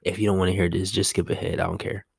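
A young man hosting a casual solo podcast from home, chatty and rambling, talking quietly so as not to be loud. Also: sits low, flat delivery, fast, vocal fry, breathy edge. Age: young adult. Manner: chatty, rambling, self-amused. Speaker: podcast host.

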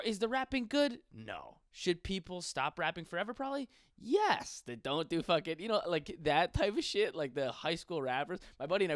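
A man's voice: medium pitch, smooth, dry recording, clean studio sound. A man in his twenties, a stand-up comedian from western New York, ranting casually with lots of profanity. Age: 20s. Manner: profane, rambling, animated. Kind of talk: casual podcast rant.

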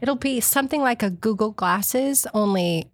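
A woman co-hosting a podcast, animated and laughing often in casual chat. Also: fairly high pitch, normal speed, no echo. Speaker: podcast co-host.

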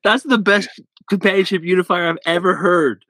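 A man's voice: sits high, fairly even intonation, moderate pace, sharp tone, no echo. A man hosting a podcast interview, reacting with enthusiastic exclamations. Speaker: podcast host. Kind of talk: casual interview chat.

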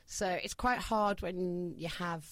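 A woman's voice: fairly low pitch, slow, a bit bright, no echo. A woman with a Yorkshire accent chatting casually as a podcast guest, jokey and self-mocking, laughing often. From northern England. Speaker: guest, sausage business founder.

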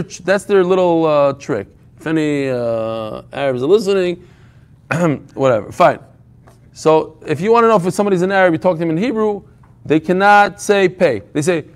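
Man, high voice, Talmud teacher, humorous storytelling, frequent restarts. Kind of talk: informal Talmud class.

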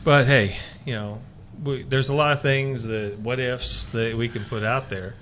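Guy hosting a church-y radio chat, bright forceful voice, rambles and restarts a lot, faint hum behind. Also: mid-range voice, fairly even intonation, a little slow. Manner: rambling, many fillers and restarts. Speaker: radio show host. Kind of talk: casual faith talk chat.

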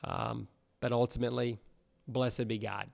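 A male pastor preaching in an easygoing, animated storytelling manner. His voice sits at an ordinary middle pitch, and he talks plainly, as if chatting with his congregation. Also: measured pace, vocal fry. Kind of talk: sermon.

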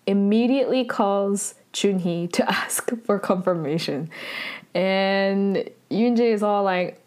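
A woman's voice: medium pitch, measured pace, a little mellow. Woman podcast host, casual recap chat, filler-heavy, chatty.

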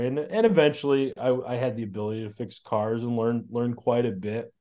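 Speaking at a moderate clip with few pauses, this middle-aged auto shop owner from Connecticut keeps a steady tone in his slightly mellow, mid-range voice. He's a podcast guest telling his story chattily in a casual interview, often repeating himself and laughing softly.

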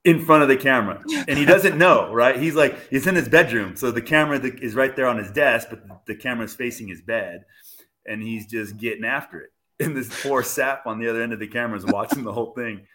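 A man guest telling a story in casual chat, animated and laughing as he goes. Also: medium pitch, fairly quick. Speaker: podcast guest, medical team member for motocross.

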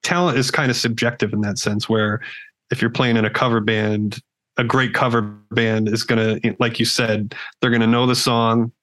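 A man in casual conversation on a podcast, talking in a relaxed, easygoing way and thinking out loud. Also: mid-range voice, moderate pace, no echo. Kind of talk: casual chat.

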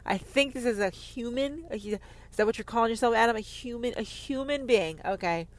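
Woman ranting about religion, sarcastic, swears a ton, gets loud then whispers. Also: fairly high pitch, fairly quick. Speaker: online Christian commentator. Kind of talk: heated monologue.

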